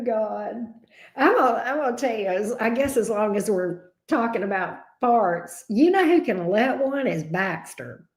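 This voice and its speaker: Woman, livestream host, chatty drawl, slightly high voice. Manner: chatty, drawling, answers viewers by name. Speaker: tarot reader hosting a livestream. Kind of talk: casual livestream chat.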